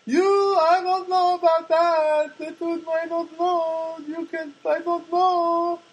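A man voicing a hesitant Czech woman who delivers the mail, in a high, wavering put-on voice with a Czech accent. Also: level tone, slow pace, lo-fi sound. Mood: dithering. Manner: hesitant, rambling, repeats "I don't know".

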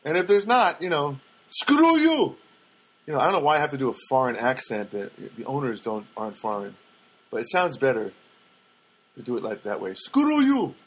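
A man's voice: mid-range voice, a little fast, husky, low-quality recording. A man telling a casual, rambling story with many fillers and restarts, with wry, self-deprecating asides.

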